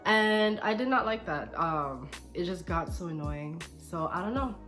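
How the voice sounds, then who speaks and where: Animated woman telling a storytime vlog. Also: fairly low pitch, measured pace, soft background music. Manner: animated, re-enacts quotes, frequent laughs. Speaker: vlogger.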